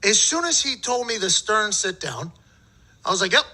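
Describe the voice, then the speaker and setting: High-pitched guy spinning a yarn, cussing and laughing, super bright sharp voice. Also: moderate pace, low-quality recording. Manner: profane, laughing, animated retelling. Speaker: former football punter, podcast guest. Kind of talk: casual storytelling.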